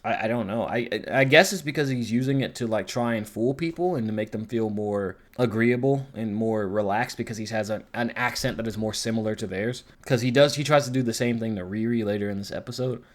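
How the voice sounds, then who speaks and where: A man's voice: fairly low pitch, fairly quick, hardly any pauses. Rambling, profane male reviewer. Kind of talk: casual commentary.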